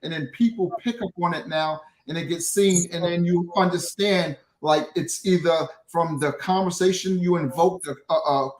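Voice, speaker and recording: Man with a high voice explaining in an interview, restarts often, sounds recorded in an echoey room. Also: steady tone, normal speed, few pauses. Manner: explanatory, frequent restarts and "right?" tags. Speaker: guest, social media creator. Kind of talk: interview answers. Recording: roomy echo.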